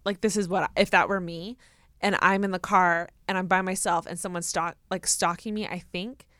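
A woman's voice: lowish voice, fairly even intonation, moderate pace, sharp tone, no echo, clean studio sound. Reactive young woman podcast co-host. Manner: reactive, exclaims often. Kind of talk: casual chat.

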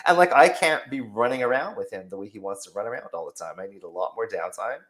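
A man's voice: on the low side, expressive, fast talker, a bit bright. A man from Canada, a relationship coach, talking openly and casually as a podcast guest.

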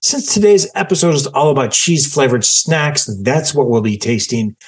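A man's voice: medium pitch, moderate pace. A man co-hosting a podcast in casual chat, riffing and joking over a video call. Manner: jokey, animated, riffing. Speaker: podcast co-host.

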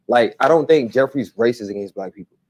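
A man answering interview questions in a halting, blunt and repetitive way. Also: mid-range voice, darkish tone, dry recording. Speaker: interview guest.

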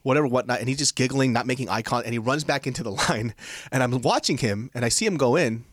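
A man hosting a podcast in casual chat, telling stories with crude swearing and jumping up high in pitch for quoted lines. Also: fast, dry recording, studio quality. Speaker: podcast host.

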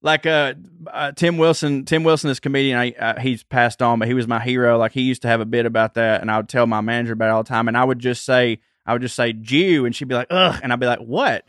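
A comedian from Georgia with a Southern accent, chatting on a podcast and telling rambling, self-deprecating stories. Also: male voice, medium pitch, flat delivery, fast, few pauses, a bit bright, no echo, studio quality. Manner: rambling storyteller, self-deprecating, laughs often. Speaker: comedian guest. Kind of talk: casual podcast chat.

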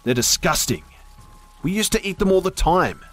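A man's voice: high-pitched, expressive, moderate pace, fairly bright tone, pitched above the performer's own voice. A man voicing a defiant, hostile young man in a spoken horror story, his voice pushed well above his own.

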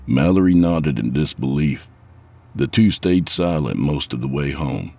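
A man with a very low, deep voice who narrates a dark horror tale in measured, even tones. Faint music plays under his read. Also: vocal fry. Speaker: storyteller.

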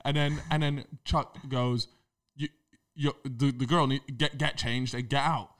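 A young man in a casual podcast chat, telling a story in slangy, animated bursts with lots of repeated fillers. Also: medium pitch, unhurried. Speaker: podcast co-host.

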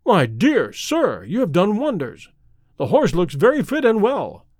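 A man reading aloud as a proud, excitable colonel with a brusque manner. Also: high-pitched, unhurried, dry recording, clean studio sound, heavily acted. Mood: grateful. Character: proud, agitated older male colonel, horse owner.

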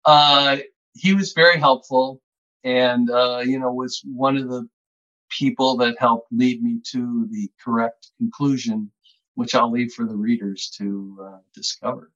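A man's voice: medium pitch, fairly even intonation, a little slow, fairly bright tone. A man being interviewed as an author, telling stories casually and laughing often as he talks. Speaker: author and guest. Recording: dull lo-fi sound.

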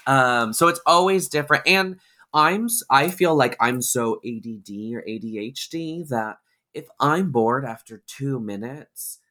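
A man's voice: mid-range voice, expressive, measured pace, pushed and bright. A man from Washington State, a drag performer chatting as a podcast guest, rambling and giggly. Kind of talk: casual chat.

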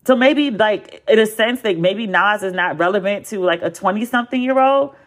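An American woman in her forties talks casually as a podcast host at a middle pitch. She is outspoken and profane and leans hard into emphatic repeats. She sounds lively and unfiltered. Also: normal speed. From United States. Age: 40s. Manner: animated, blunt and profane, with emphatic repetition. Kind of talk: casual chat.

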